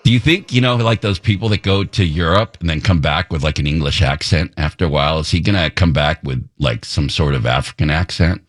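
A man's voice: a bass voice, brisk, hardly any pauses, no room sound. A middle-aged man hosting a radio morning show, bantering casually with a rambling, playfully opinionated, joking manner in a studio.

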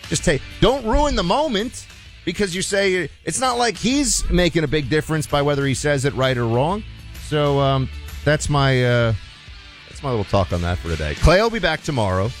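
A man's voice: a little high, animated, normal speed, soft background music. A man hosting a radio talk show, giving a rambling, opinionated monologue full of restarts and quoted asides.

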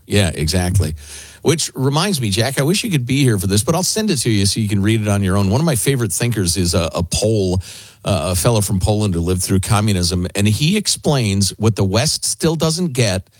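A man hosting a talk radio show, chatting casually in a sarcastic, deadpan way. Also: lowish voice, brisk, no echo.

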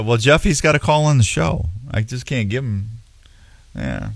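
A man's voice: medium pitch, big pitch swings, unhurried, gravelly, fairly bright tone, no echo, clean studio sound. A man hosting a radio show in casual chat, joking and opinionated.

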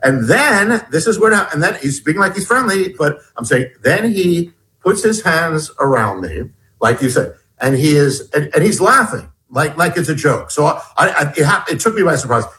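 A middle-aged man with a fairly high voice tells his story in an animated, halting way. He breaks off and restarts his sentences as he goes. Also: low-quality recording. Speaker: guest author. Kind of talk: storytelling in an interview.

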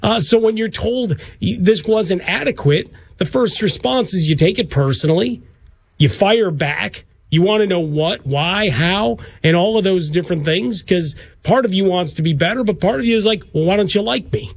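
Gravelly high-voiced male radio co-host. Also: lively intonation, moderate pace, dry recording. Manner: rambling, rhetorical questions. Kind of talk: sports talk radio discussion.

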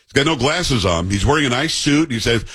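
Blunt man with a husky voice. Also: mid-range voice, animated, brisk, a bit bright. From New York. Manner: blunt, sarcastic, conversational. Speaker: host. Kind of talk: political commentary.

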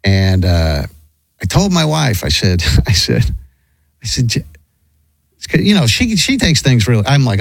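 A middle-aged man spins a rambling anecdote in casual chat, restarting his sentences often. His pitch swoops widely as he talks. The sound is dry and close. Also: moderate pace, husky, dry recording, low-quality recording. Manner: rambling, animated, frequent restarts.

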